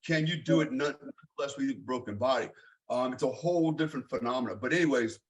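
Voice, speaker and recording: A man's voice: medium pitch, fast, muffled recording. Blunt, plain-spoken middle-aged man. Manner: blunt, swears freely, lots of fillers. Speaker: guest. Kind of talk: casual storytelling interview.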